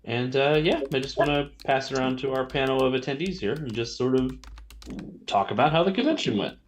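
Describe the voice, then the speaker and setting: Male host for a laid-back talkback show, loose and rambling, average pitch. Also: fairly quick. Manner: relaxed, filler-heavy rambling. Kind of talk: casual panel chat.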